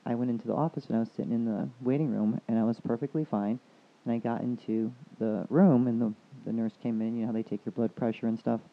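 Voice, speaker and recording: A woman chatting casually about energy and spirituality, telling a rambling story and quoting others with a lively voice. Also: a bass voice, quick pace. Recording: tinny phone-like line.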